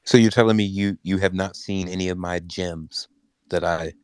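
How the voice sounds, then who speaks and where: A man's voice: low voice, steady tone, normal speed, a little mellow, clear, resonant tone, no echo, studio quality. A man joking around with playful banter on an audio call. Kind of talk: casual chat.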